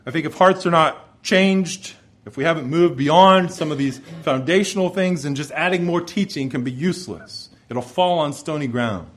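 A man's voice: on the high side, normal speed. A man preaching an expository sermon, emphatic, repeating key phrases and acting out what his listeners might say. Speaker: pastor.

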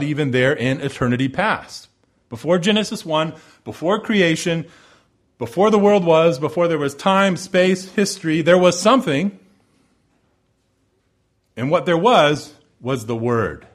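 Male preacher, slightly high voice, emphatic sermon delivery with hushed drops. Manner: emphatic, swelling and dropping to hushed low phrases; repetitive rhetorical build-ups.

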